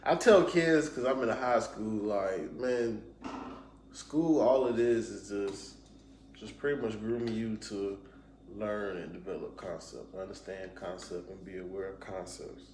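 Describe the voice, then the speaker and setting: Man, teacher, casual chat, slangy, animated, mid-range voice, echoey room, faint noise. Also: fairly low pitch, unhurried. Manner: animated, hedging, slangy ("you feel me"). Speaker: high school teacher, podcast co-host.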